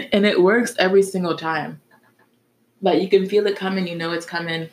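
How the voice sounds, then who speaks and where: A woman's voice: lowish voice, fairly even intonation, moderate pace. A woman hosting a casual solo podcast, talking candidly and frankly and swearing now and then. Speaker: podcast host.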